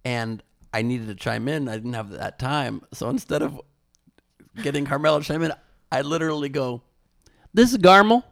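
Young guy telling a story in an interview, gravelly low voice, dry close sound. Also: normal speed, dry recording. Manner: animated storyteller, many restarts. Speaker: former presidential candidate and comedian, guest.

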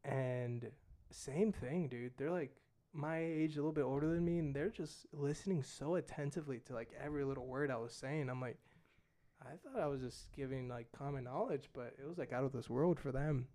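A man's voice: mid-range voice, brisk, dark tone. A young man, a missionary guest, casually telling a story and saying "dude" and "like" a lot. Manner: laid-back, fillers like "dude" and "like".

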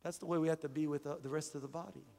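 A man's voice: a little high, steady tone, rapid-fire, creaky, a little mellow, in a large hall. A male pastor preaching a conversational sermon to his congregation, repeating phrases and acting out little dialogues. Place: church sanctuary.

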